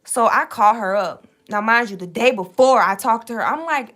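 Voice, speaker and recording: Animated, profane young woman. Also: fairly high pitch, normal speed. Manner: animated, profane, streetwise, re-enacts conversations. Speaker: tarot reader and channel host. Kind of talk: casual storytime monologue.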